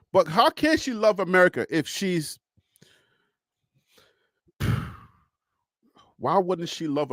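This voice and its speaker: High-voiced man talking politics casually. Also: dry recording, clean studio sound. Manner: chatty, laughs often, repeats phrases while thinking. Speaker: political commentary host. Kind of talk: casual political talk to a viewer.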